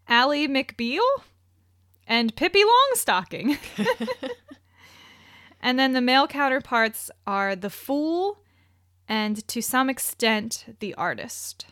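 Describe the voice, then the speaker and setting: Slow-talking woman podcast co-host. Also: fairly high pitch, fairly bright tone, no echo, clean studio sound. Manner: reads list descriptions, laughs often, wry asides. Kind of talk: casual chat.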